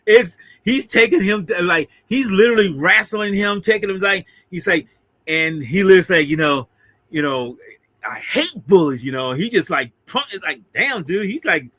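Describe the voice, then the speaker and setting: In a casual movie recap for a film discussion video he co-hosts, a man goes over an old monster film, often laughing and performing the characters in mock voices. He speaks at a normal speed with a high, bright, forceful voice and lively intonation. There's no echo.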